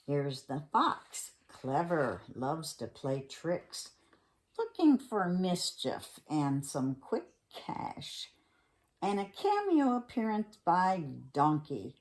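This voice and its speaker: An older woman reading a picture book aloud to children, playful and expressive with chatty asides. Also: lowish voice, takes it slowly. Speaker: children's story reader.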